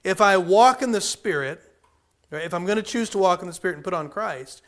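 A man's voice: sits high, a little fast, fairly bright tone. A man preaching a sermon in a folksy way, repeating phrases and using many fillers. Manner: calls people up for a live demonstration.

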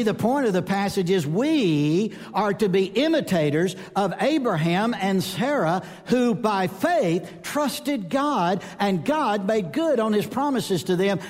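Preacher with a high voice in a hall. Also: male voice. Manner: animated storytelling, acts out voices in anecdotes. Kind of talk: sermon. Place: church or conference hall. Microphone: speaking to a live audience. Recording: long reverb of a large hall.

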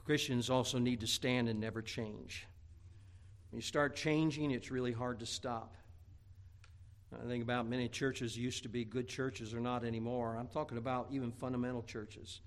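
A man's voice: mid-range voice, flat delivery, normal speed. A male pastor preaching a sermon, telling folksy stories and breaking into emphatic outbursts.

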